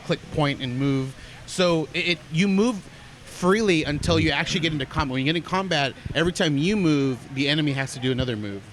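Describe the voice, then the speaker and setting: A man's voice: fairly high pitch, fairly quick, a little hiss or hum. A man co-hosting a casual podcast, describing things in a rambling way with many fillers. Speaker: podcast co-host.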